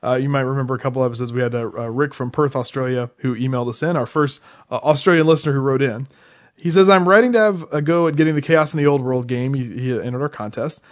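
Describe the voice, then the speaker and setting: A man's voice: medium pitch, fast talker. A man co-hosting a casual podcast, chatty and laughing between remarks. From United States. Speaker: podcast co-host.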